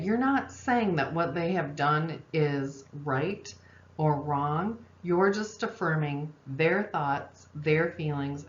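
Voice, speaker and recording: A woman with a low voice gives a recorded parenting lesson, calm and explanatory. She pauses on fillers and checks in with "okay?" The room is echoey and the sound is dull and lo-fi. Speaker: parenting instructor and social worker.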